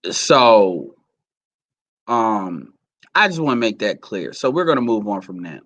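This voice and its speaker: A man's voice: fairly low pitch, sing-song, unhurried, a bit bright, no echo. Guy ranting hard, swearing a lot, blunt and rambly, dry sound. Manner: blunt, heated, profane, rambling. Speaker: commentary vlogger. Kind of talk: profane ranting commentary.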